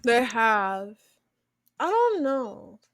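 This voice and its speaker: Female podcast co-host from the US, higher voice, dry close mic, reactive and exclamatory. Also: very animated, dry recording. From United States. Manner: reactive, quick exclamations and laughter. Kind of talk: casual chat.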